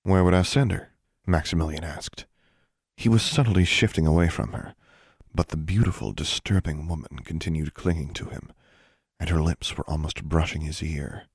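A man narrating an audiobook in a steady, even storytelling manner. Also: rumbling low, normal speed, breathy edge, dry recording, clean studio sound. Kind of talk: scripted narration.

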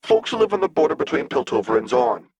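A man voicing a blunt, earnest young male gang leader with a husky voice. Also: on the high side, sing-song, fast, darkish tone, no echo, voice pushed up.

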